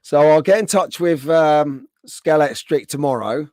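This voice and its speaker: A chatty man hosting a live stream with a rough throat, clearing it often as he answers viewers by name. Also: fairly high pitch, measured pace, darkish tone, dry recording, studio quality. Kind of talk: casual live stream chat.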